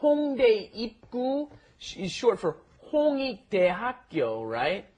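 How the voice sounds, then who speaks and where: A man explains Korean phrases to listeners in a relaxed podcast lesson. His husky voice swings up and down with lively pitch, and he keeps asking "right?" as he goes. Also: slow pace. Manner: chatty, explains with many "right?" tags. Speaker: Korean language teacher co-host.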